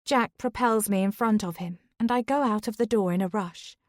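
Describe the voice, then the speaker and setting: A woman narrating a thriller audiobook in the first person, in a steady, conversational reading voice. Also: medium pitch, moderate pace, no echo, studio quality.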